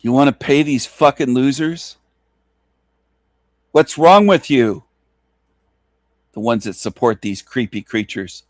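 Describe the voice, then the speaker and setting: A man's voice: mid-range voice, no room sound, studio quality. A man ranting angrily and with contempt in a profane monologue to his channel. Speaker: channel host.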